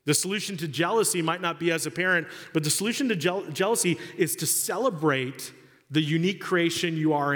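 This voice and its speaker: A man's voice: fairly high pitch, a bit bright. A man preaching a sermon, acting out little dialogues in comic voices. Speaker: pastor. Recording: long hall reverb.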